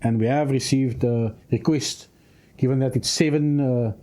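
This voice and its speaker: A man speaks in a deliberate, official cadence, laying out plans in long statements. His voice is dark and mellow, sitting at an ordinary middle pitch for a man. It sounds like a studio microphone on a radio interview show. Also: fairly even intonation. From South Africa. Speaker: provincial minister.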